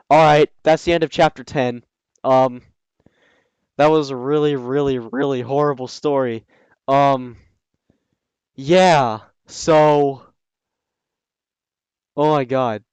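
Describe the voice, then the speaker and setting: Man, reading a story aloud, sarcastic mocking asides, smooth clear voice, dry close sound. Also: mid-range voice, no echo, poor audio. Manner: sarcastic, scoffing asides with frequent ums. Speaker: reader and commentator.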